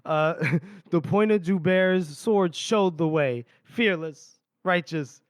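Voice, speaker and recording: A man's voice: high-pitched, slow, smooth, dry recording. A man on a podcast retelling a fantasy novel chapter, reading passages aloud and laughing often as he goes. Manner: laughs often while retelling, voices characters lightly. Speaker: podcast host. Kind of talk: casual book recap with read-aloud passages.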